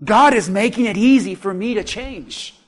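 A man preaching a sermon, dropping to hushed asides and rising to laughing shouts as he acts out quotes. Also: high voice, moderate pace, faint music behind. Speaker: pastor.

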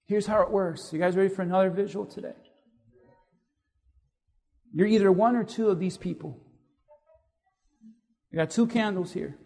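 High-voiced man preaching in an echoey hall. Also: moderate pace, gravelly, pauses often. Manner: animated, asks the audience questions. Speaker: pastor. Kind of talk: sermon with audience call-and-response.

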